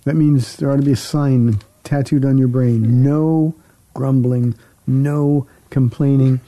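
A man, a pastor, talking faith in a casual chat, measured and emphatic, with some restarts. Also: medium pitch, steady tone, mellow.

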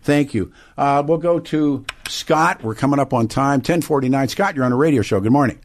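A man's voice: mid-range voice, brisk. A man hosting a radio talk show, chatting casually with callers and guests and laughing often.

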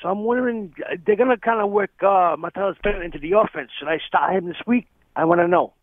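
Man calling in, higher voice, phone-line sound, chatty and rambling. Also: fast, dry recording. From Rhode Island. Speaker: caller.

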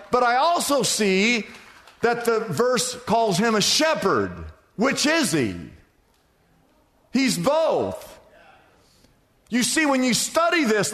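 A man's voice: very high voice, a bit bright. A man preaching a sermon as pastor, asking rhetorical questions and repeating phrases for emphasis, in a church. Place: church sanctuary. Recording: long reverb of a church hall.

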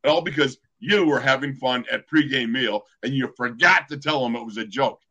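Guy on a sports podcast telling an old game story, average pitch, acts out the lines, lots of restarts. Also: moderate pace, bright, forceful tone, breathy edge. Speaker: podcast co-host, former football player. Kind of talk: casual storytelling chat.

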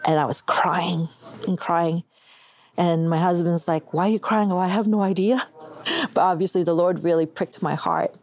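A middle-aged woman from Canada giving a personal testimony as an interview guest, telling it in an animated way and acting out the voices of the people she quotes. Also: lowish voice, unhurried.

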